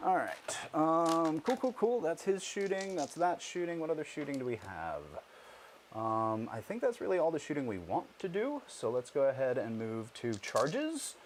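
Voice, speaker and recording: A man's voice: on the high side, very animated, normal speed, a little hiss or hum. A man casually playing a tabletop war game, counting dice aloud and laughing often.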